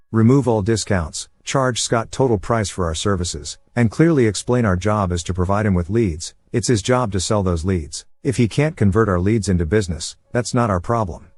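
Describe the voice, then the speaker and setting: A man narrating a reddit revenge post as scripted narration, steady and flat, reading out the quote marks. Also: on the low side, dry recording.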